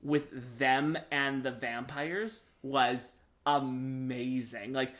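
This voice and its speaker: A man's voice: medium pitch, fairly even intonation, extremely slow, fairly bright tone. A young man co-hosting a casual gaming podcast, eagerly retelling game scenes in a rambling way with many fillers. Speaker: podcast co-host.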